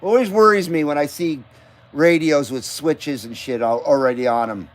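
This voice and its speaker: A man with a fairly high voice hosts a casual late-night live stream, rambling from topic to topic. His talk is loose and sprinkled with profanity. He keeps breaking off to greet his viewers by name. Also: moderate pace. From Nevada, US.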